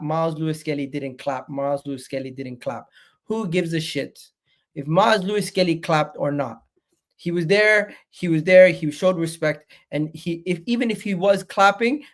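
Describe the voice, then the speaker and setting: An animated man speaking a little higher than most, talking straight to his viewers in a loose fan-channel rant. He circles back over the same phrases, swears freely, and keeps the energy of a heated casual chat. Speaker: football channel host.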